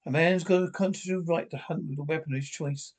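An actor playing a gruff, gun-loving husband who blusters at a caller in a TV drama. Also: male voice, fairly high pitch, steady tone, quick pace, a little mellow, lightly acted. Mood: belligerent. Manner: brusque, blustering.

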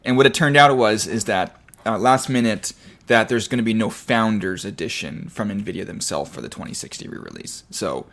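A man's voice: fairly low pitch, animated, moderate pace, fairly bright tone. A man co-hosting a casual tech chat in a coffee shop. He talks in an easygoing way and laughs often. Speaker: co-host.

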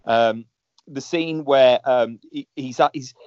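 A man's voice: medium pitch, takes it slowly, no room sound. Man, casual podcast co-host, chatty and jokey, dry and slightly muffled recording. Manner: chatty, joking, frequent restarts and fillers. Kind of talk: casual chat. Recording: dull, slightly lo-fi dry sound.

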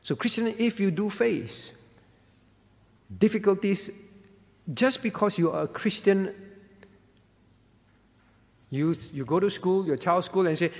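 A man's voice: sits high, expressive, a little slow, long pauses. Earnest preaching man in a reverberant hall. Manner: earnest preaching, often checking in with "all right?". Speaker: pastor. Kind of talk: sermon.

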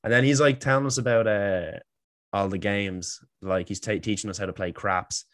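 A man's voice: fairly low pitch, fairly even intonation, moderate pace, a bit bright, no echo, studio quality. A young Irish man hosting a podcast, chatting casually, laughing and swearing freely. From Ireland. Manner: laid-back, swears freely, laughs often. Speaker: podcast host. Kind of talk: casual chat.

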